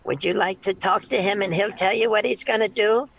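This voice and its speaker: Brief: man putting on a high, crackly 87-year-old prank-call granny, sweetly demanding. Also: fairly even intonation, a little fast, gravelly, fairly bright tone, lo-fi sound. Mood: sweetly crude. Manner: sweetly insistent, repeating "dear", crude. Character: pushy 87-year-old woman who calls everyone dear. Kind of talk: prank call role-play.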